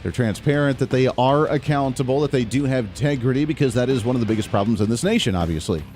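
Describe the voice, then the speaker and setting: A man's voice: mid-range voice, lively intonation, fast, a little mellow, soft background music. Emphatic male political podcast host. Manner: emphatic, talks in long running sentences with asides. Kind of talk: solo political commentary.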